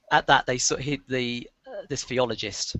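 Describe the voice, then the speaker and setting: A man narrating as game master of a tabletop game, rambling with many pauses and restarts. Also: mid-range voice, bright, forceful tone, no room sound.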